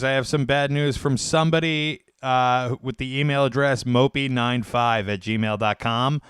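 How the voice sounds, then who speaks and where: A man hosting a prank call show, delivering bad news in a deadpan, hesitant way. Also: medium pitch, measured pace, hardly any pauses, clear, resonant tone, no echo, clean studio sound. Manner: deadpan and hesitant, many fillers.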